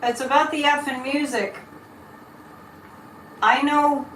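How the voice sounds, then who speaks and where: A woman's voice: mid-range voice, normal speed, a bit bright, slight background noise. A middle-aged woman, hosting a casual live tarot reading and chatting over viewer comments as she digresses. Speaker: psychic livestream host. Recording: roomy echo.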